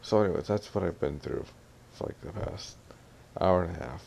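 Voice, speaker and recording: A man's voice: deep voice, moderate pace, gravelly, darkish tone, slight background noise. A young man ranting in an audio vlog, annoyed and mimicking his family as he tells what happened. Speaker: vlogger.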